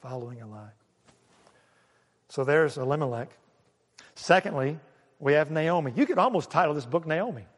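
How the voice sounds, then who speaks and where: A man preaching a sermon, swinging between loud and hushed and asking the congregation questions. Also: fairly high pitch, animated, normal speed, in a large hall. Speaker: pastor.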